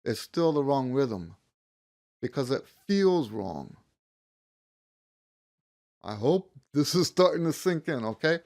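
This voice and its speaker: A male music teacher talks through a lesson at an unhurried, deliberate pace. He counts beats out loud and often stops to reword what he just said. His pitch sits in an ordinary middle range. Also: sing-song, creaky. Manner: counts beats aloud, rephrases himself mid-thought.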